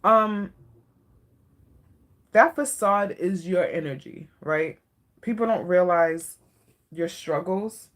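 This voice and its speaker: A woman giving a live-stream tarot reading, soft-spoken and emotional, often checking in with her viewers. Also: fairly low pitch, animated, takes it slowly, long pauses. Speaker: tarot reader.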